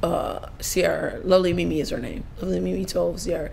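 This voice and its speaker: Gravelly-voiced woman telling lively stories. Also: lowish voice, fast talker, a little hiss or hum. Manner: lively anecdote-telling, swears freely, acts out other people's lines; laughs often while talking. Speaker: podcast guest. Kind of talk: casual storytelling interview.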